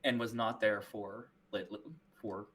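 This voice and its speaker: Man rambling with halting restarts. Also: on the low side, level tone, a bit bright. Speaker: podcast co-host. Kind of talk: casual chat.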